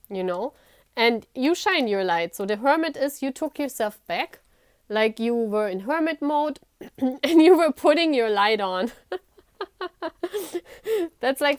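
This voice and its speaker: A woman's voice: a little high, clean tone, dry recording, clean studio sound. Giggly, chatty woman reading tarot. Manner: giggly, chatty, playful asides. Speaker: tarot reader. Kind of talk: casual tarot reading to viewers.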